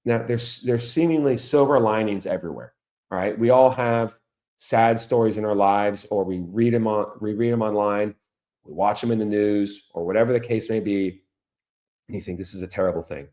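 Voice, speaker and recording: With a fairly low, somewhat mellow voice at a normal pace, a middle-aged man from Orlando, Florida hosts his podcast. He chats to his audience in a relaxed monologue, posing rhetorical questions.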